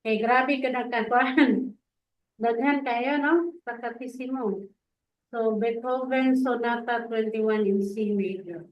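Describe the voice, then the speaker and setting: A woman teaches music notes in a casual, chatty lesson, switching between languages and adding tag questions. Her voice is on the high side and she speaks slowly. The recording sounds echoey, dull and lo-fi.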